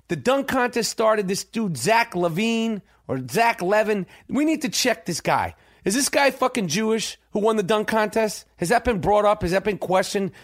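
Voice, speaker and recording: A middle-aged man hosting his podcast, telling a profane story and acting out the quotes in an animated way. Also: high-pitched. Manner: animated, heavy swearing, acts out quotes. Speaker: podcast host.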